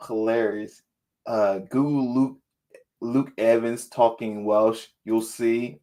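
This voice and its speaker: A man's voice: mid-range voice, fairly even intonation, slow pace, mellow. A man hosting a writing sprint livestream, chatting casually and playfully, laughing often and reading the chat aloud. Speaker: livestream host.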